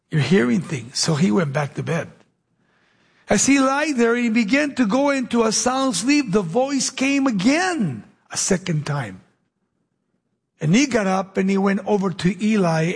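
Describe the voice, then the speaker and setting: A man preaching a sermon, telling the story with dramatic pauses and acting out the dialogue in his own voice. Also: high-pitched, vocal fry, breathy edge.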